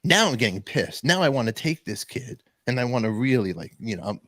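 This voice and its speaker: A man's voice: mid-range voice, a little fast, no echo, clean studio sound. A man, hosting a podcast and telling a story in casual chat, acting out both sides of the exchange. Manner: animated, acts out both sides of his stories. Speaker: podcast host.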